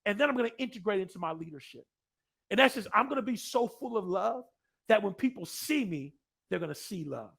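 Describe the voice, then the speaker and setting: Man, high voice, motivational speaker, energetic, loud bursts, hushed passages. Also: brisk, gravelly, husky. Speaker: keynote speaker. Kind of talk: motivational speech. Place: large room, live audience.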